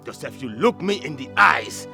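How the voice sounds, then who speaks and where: An actor with a Nigerian accent playing a domineering older brother who threatens in English and Igbo. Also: male voice, on the high side, sing-song, moderate pace, creaky, sharp tone, faint music behind, heavily acted. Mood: menacing. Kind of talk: Nollywood film acting.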